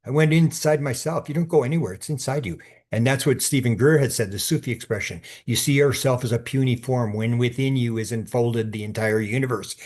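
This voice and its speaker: A man's voice: mid-range voice, fairly quick, darkish tone. A man talking as a podcast guest in a casual, storytelling way, often restarting and repeating words as he goes. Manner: acts out quoted speech in his stories.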